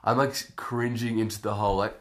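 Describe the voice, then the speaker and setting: A young man in his late teens tells a story on a podcast. His voice sits low, and he is animated, acting out his own reactions as he goes. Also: brisk. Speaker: podcast host. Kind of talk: casual storytelling.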